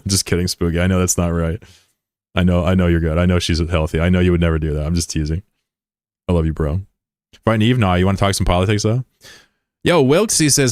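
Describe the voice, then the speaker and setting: A man's voice: on the low side, a little fast, long pauses, clear, resonant tone, no room sound, studio quality. A man streaming a game in loose, joking chat, greeting and teasing viewers in slang. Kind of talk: casual live-stream chat, reading viewer messages.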